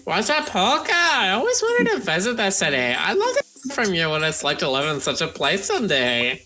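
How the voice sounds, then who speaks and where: A woman's voice: medium pitch, wildly swooping pitch, brisk, pushed and bright, faint music behind, poor audio. A woman voicing a sweet-talking village pharmacist. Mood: warm, chatty. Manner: affectionate, calls others darling and hon. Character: friendly motherly woman pharmacist. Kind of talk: reading game dialogue aloud on a live stream.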